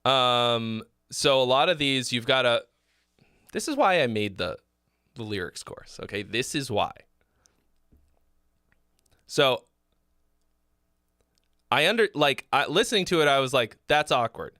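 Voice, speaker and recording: Bright-voiced man giving frank song critique. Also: mid-range voice, very animated, unhurried, pauses often, dry recording, clean studio sound. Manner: frank and loose, swearing, many fillers and restarts. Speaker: host giving song feedback. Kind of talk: casual livestream song critique.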